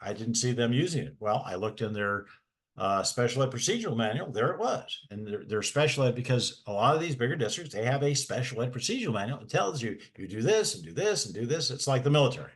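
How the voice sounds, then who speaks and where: A man's voice: mid-range voice, sing-song, fast talker. A man, a special education advocate, talking in a folksy, rambling way with many restarts. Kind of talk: casual webinar talk.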